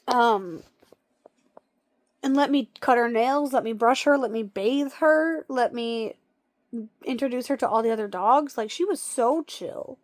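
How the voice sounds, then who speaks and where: A young woman talking casually into a phone she holds, now and then dropping to soft coos and whispers. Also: on the high side. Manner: chatty, drops to soft coos and whispers with her dog. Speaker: vlogger. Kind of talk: casual vlog chat. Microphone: phone held by a strap.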